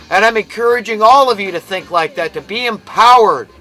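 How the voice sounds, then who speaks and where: American guy ranting into the mic, bright edgy voice, faint music under it. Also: sits high, brisk, few pauses, poor audio. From United States. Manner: ranting, emphatic, preachy. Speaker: commentator. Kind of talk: impassioned monologue.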